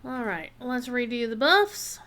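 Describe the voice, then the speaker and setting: Female streamer, casual game commentary, bright and crisp, slightly high voice. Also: lively intonation, unhurried. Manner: chatty, wry, thinking aloud.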